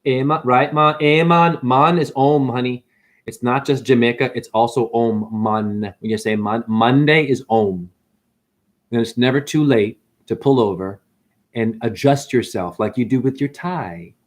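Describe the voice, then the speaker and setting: Speaking at a measured pace, a man on a livestream delivers an informal, slangy spiritual monologue. Whenever he quotes someone, he leaps into a high, mocking voice.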